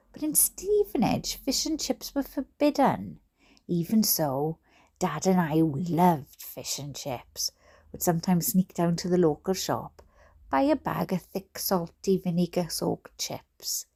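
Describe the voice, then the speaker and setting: A Welsh woman reads a bedtime book at an unhurried, slow pace. She keeps stopping for giggly, chatty asides to her listeners. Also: on the low side, mellow. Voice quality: giggly, chatty, breaks off to comment. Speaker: reader.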